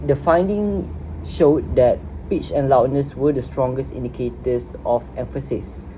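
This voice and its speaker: A woman's voice: rumbling low, unhurried, dark tone. A woman giving a student class presentation in a noisy room and reading from prepared notes. She repeats a word here and there as she goes. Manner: reads prepared notes, repeats words at times.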